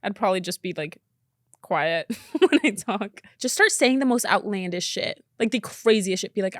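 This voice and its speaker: A young woman hosting a podcast, reading out listener stories in casual chat and reacting with incredulous, animated asides. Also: medium pitch, moderate pace, no room sound, studio quality. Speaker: podcast host.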